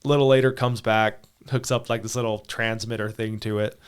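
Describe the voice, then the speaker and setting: Animated man telling a story. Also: on the low side, fairly quick, clean tone. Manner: animated storyteller, acts out quoted dialogue, laughs often. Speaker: podcast co-host. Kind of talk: casual podcast chat.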